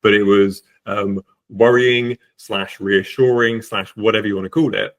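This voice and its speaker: A man's voice: fairly low pitch, fairly even intonation, normal speed, fairly bright tone. A man, a guest on a podcast, telling his own story candidly, with lots of fillers and restarts. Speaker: podcast guest, estate agent.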